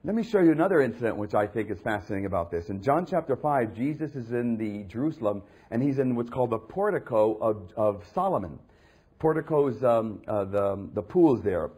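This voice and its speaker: Man, pastor, sermon, husky voice, lively swinging pitch, acts out quoted voices. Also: moderate pace.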